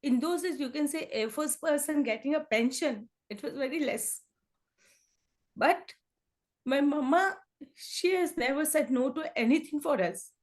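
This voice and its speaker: High-voiced Indian woman, earnest. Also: measured pace. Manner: switches between English and Hindi, many fillers like "and all", "you can say"; earnest, emotional in places. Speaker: interview guest, kindergarten teacher. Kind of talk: conversational interview answers.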